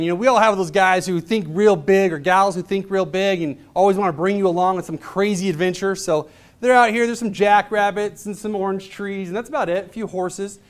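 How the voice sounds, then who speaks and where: A man in his thirties giving a motivational presentation, telling stories in a casual, chatty way and acting out the voices of the people in them. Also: high voice. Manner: casual, chatty delivery with fillers. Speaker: motivational speaker. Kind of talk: storytelling presentation.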